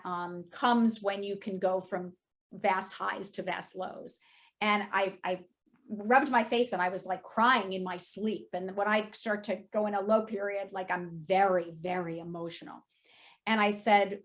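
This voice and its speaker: A woman in her fifties telling a personal story at a talk, candid and emotional, with many casual fillers. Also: mid-range voice. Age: 50s. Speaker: speaker at an industry talk.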